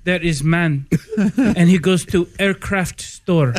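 A man putting on the voice of an old male suit seller who speaks halting, broken English. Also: high-pitched. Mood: joking. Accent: put-on broken English. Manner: halting, simple phrasing.

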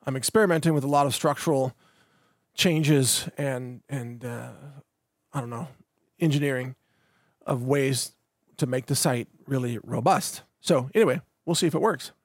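Talking over the news with sardonic humor, a middle-aged man hosts a podcast, chuckling at the headlines and restarting often by repeating words. He has a mid-range voice at a moderate pace, captured in clean studio sound with no echo.

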